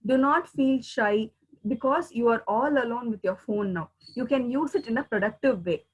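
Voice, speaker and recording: A woman's voice: a little high, moderate pace, breathy edge, low-quality recording. A woman, a teacher giving a recorded pronunciation lesson and repeating words to drill the sounds. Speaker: English teacher.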